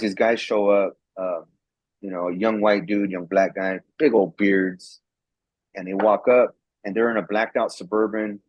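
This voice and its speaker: Heard on dull lo-fi audio without echo, a guest who once served in the National Guard speaks with a fairly low pitch and a breathy edge. His storytelling is casual and meandering, with the quoted dialogue acted out and words frequently repeated.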